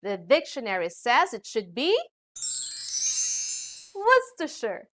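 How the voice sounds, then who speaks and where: A woman's voice: a little high, soft background music. A woman from the Philippines with a Filipino accent, teaching a scripted English pronunciation lesson to students. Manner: slow, lively teacherly delivery addressing students.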